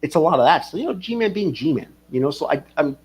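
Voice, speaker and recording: A man's voice: fairly high pitch, animated, fast talker, a little mellow, slight background noise. A man hosting a livestream, rambling casually, swearing and reading chat comments aloud. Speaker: livestream host.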